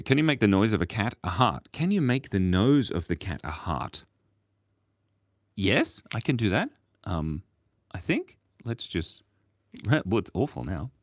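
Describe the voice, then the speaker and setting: A man's voice: low-pitched, dry recording. A man live-streaming his drawing, chatting in a rambling, playful, self-mocking way and often chuckling. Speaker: livestream artist. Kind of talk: casual live-stream chat while drawing.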